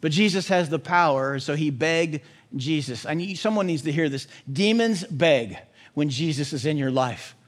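Male preacher, high voice, lively and punny delivery, for a sermon read. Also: normal speed. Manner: animated, joking with puns. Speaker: pastor.

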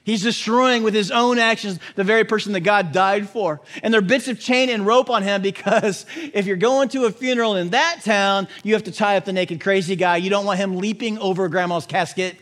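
Male preacher, high voice, lively and punny delivery, for a sermon read. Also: brisk, few pauses. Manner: animated, joking with puns. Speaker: pastor.

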